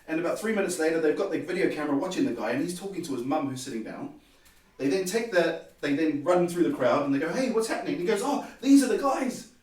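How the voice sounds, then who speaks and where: Male podcast guest, lively storyteller who voices the dialogue; slightly high voice, recorded at a distance. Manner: animated, acts out quoted dialogue. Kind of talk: personal storytelling. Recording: very echoey room, distant mic.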